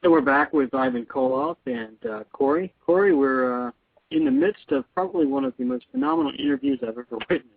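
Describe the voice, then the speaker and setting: A man hosting a radio interview who talks in an effusive, halting way, with many restarts. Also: fairly high pitch, sing-song, gravelly, breathy edge, no echo. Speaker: radio show host. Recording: dry, tinny phone-like sound.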